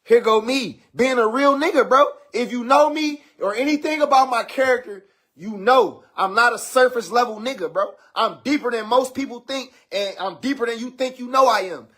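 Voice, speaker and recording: A man's voice: very high voice, normal speed, fairly bright tone. A father telling his own story in casual, blunt street slang, acting out quoted talk with his daughter, played from a video. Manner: blunt street slang, addresses listeners as bro.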